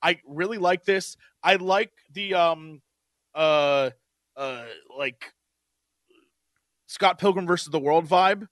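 A man's voice: on the high side, slow pace, pauses often, fairly bright tone, no echo, studio quality. A man co-hosting a podcast who talks casually and with enthusiasm, his sentences full of loose filler words. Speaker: podcast co-host. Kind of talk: casual chat.

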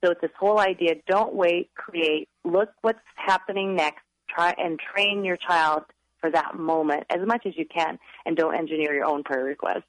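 A woman's voice: fairly low pitch, fairly even intonation, normal speed, dry recording, low-quality recording. Upbeat woman giving parenting advice. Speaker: author and guest. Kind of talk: radio interview.

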